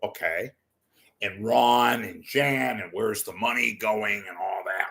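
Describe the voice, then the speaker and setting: A man's voice: fairly low pitch, slow pace, creaky, a bit bright. A man talking into the camera in a rambling, jokey commentary, swearing and drifting between asides. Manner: jokey, digressive, swearing, bursts into silly voices. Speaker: commentary vlogger. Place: home room with TV monitor behind.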